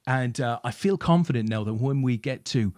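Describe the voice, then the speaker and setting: A man's voice: medium pitch, normal speed, darkish tone, no room sound, studio quality. A man with a West Midlands accent co-hosting a poker show, bantering and joking at his own expense. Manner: jokey, self-deprecating banter. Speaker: co-host. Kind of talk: casual chat.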